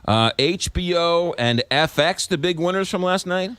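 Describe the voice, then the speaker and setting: A man's voice: high voice, lively intonation, normal speed, a bit bright, clean tone, dry recording. A man hosting a radio talk show, conversational and questioning, with fillers as he talks. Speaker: radio host.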